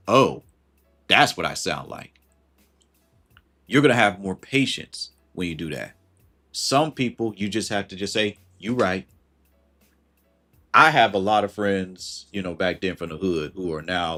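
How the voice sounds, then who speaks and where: A man with a somewhat low voice chats through a casual livestream. He hands out advice in a loose, slangy way and breaks off to greet viewers. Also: fairly bright tone. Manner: conversational and slangy, greets chat viewers mid-thought.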